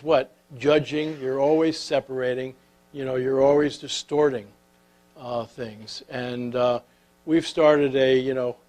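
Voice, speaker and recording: A man telling stories to an audience and drawing life lessons, in an animated way that grows soft and intimate, often filling pauses with "uh". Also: mid-range voice, low-quality recording. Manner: animated storyteller who turns soft and intimate; filler-heavy, with repeated "uh". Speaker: speaker. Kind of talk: storytelling talk.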